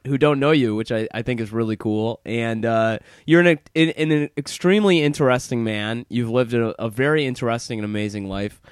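A man's voice: medium pitch, clear, resonant tone, no echo, clean studio sound. Laughing chatty male podcast host. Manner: laughs often, chatty and upbeat. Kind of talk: casual interview chat.

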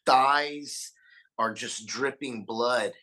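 A man's voice: medium pitch, very slow, pushed and bright, low-quality recording. A man speaking as a podcast guest in casual conversation, earnest, often repeating and restarting words and swearing freely. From Austin, Texas. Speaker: podcast guest, punk singer.

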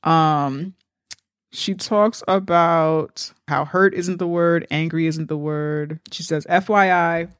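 Woman co-host, low register, blunt and profane, casual delivery, dry close mic. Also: steady tone, slow pace, clean tone, no room sound. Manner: candid, profane, emphatic. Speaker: podcast co-host. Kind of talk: casual chat, reading quotes aloud.

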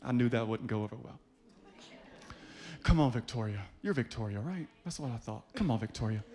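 A man preaching a sermon to a congregation, leading them by name and building to loud, rhythmic climaxes. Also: mid-range voice, lively intonation, a little fast. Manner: leads the congregation, calling people up by name.

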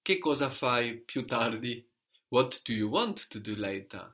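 A man's voice: medium pitch, big pitch swings, a little slow, a bit bright. A man teaching a language lesson, patiently prompting a student and explaining grammar step by step.

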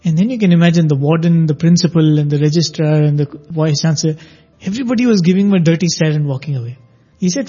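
A man's voice: fairly high pitch, fast talker, breathy edge. A man telling a devotional anecdote in a conversational way, acting out the quoted lines. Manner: animated, acts out quoted dialogue. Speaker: storyteller sharing a devotional anecdote. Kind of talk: conversational spiritual storytelling. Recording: dull lo-fi audio.

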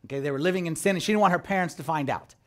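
This priest's sermon races along in a fairly high voice. He acts out the voices he quotes and moves animatedly from booming to soft.

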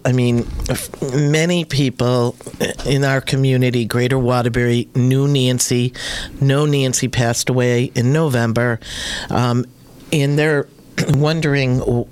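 A woman hosting a morning radio show, her voice deep and throaty from a cold, talking in a chatty, rambling way with fillers. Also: darkish tone. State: hoarse, under the weather. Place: radio studio.

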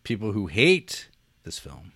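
A man co-hosting a casual movie review podcast, with dry deadpan asides. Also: fairly low pitch, a little slow, breathy edge, no echo. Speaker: podcast co-host.

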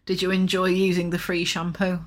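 A woman's voice: on the low side, monotone, brisk. A woman, co-hosting a podcast in casual chat, teasing her co-host with dry remarks.

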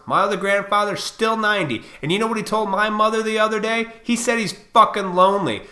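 A man in his forties rants to his viewers in a combative, profane monologue. His voice is bright and forceful. The recording picks up a noticeable echo from the room. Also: sits high. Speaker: vlogger. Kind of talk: ranting monologue to camera. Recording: echoey room.

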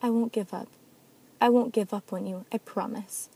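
A woman's voice: mid-range voice, steady tone, normal speed, vocal fry, mellow, slightly rough. A woman voicing a young detective, pleading and tearful, in a one-voice audio drama.

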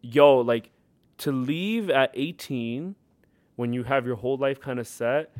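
A man's voice: mid-range voice, unhurried, no room sound. Young guy w/ a cali accent telling stories on a podcast, lots of likes and laughs, dry close studio sound. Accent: Californian. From Thailand and California. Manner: animated, laughs often, many "like" fillers. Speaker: podcast guest, rapper. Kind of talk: casual storytelling.

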